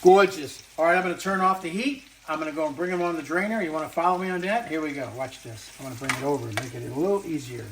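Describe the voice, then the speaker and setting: A man's voice: on the high side, rapid-fire, few pauses, background noise. A man hosting a home cooking demonstration in a kitchen, playful and chatty, talking straight to his viewers. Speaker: cooking show host. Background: background music.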